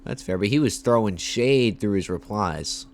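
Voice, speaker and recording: A man's voice: on the low side, animated, normal speed, a little mellow. Young guy hyped up on a live stream, keeps repeating lines, slangy, faint room hum behind. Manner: hyped, repetitive, slangy, thanks viewers. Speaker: MMA livestreamer. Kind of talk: casual livestream commentary.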